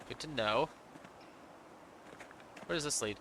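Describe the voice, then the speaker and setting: A man thinking aloud in low-key, casual commentary while playing a story game, in a noisy home recording. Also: moderate pace, pauses often. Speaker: let's play gamer.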